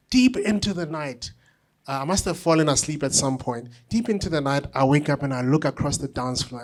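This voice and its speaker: A middle-aged man, an author and conductor, telling an anecdote at a book talk with lively, self-deprecating humor. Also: a little high. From South Africa. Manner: animated anecdotal storytelling with self-deprecating laughs.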